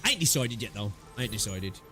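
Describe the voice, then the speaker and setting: A man's voice: fairly low pitch, very animated, fast, bright, forceful tone. A man streaming a game, chatting casually to his viewers and swearing often. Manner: chatty, swearing, talks to chat. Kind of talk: casual live gaming commentary. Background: faint game music.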